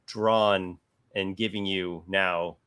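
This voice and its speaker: A man narrating as a tabletop game master, unhurried and searching for words. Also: low voice, steady tone, fairly bright tone, smooth.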